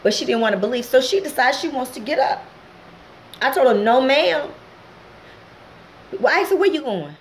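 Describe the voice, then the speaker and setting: A woman's voice: sits high, animated, normal speed, pauses often, slight background noise, rough recording. Emotional woman telling a personal story. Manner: emotional, direct address to viewers. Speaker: channel host. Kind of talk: personal testimony vlog.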